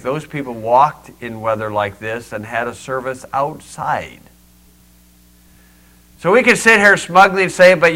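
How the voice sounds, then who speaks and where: A pastor preaches to a small congregation in a small church building, using a mid-range, bright voice and a forceful tone. He blends pointed rhetorical questions with folksy jokes.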